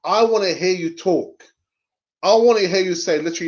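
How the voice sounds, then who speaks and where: Speaking briskly in a high voice, a man runs a live fan stream where he reads comments from viewers. He argues with passion and repeats phrases for emphasis, and the stream's audio is dull and lo-fi.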